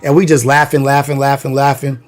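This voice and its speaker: A man from Long Beach, California, hosts a casual storytelling livestream, recounting wild stories from his youth in loose, slangy talk packed with fillers. His mid-range voice is fairly quick with a flat delivery.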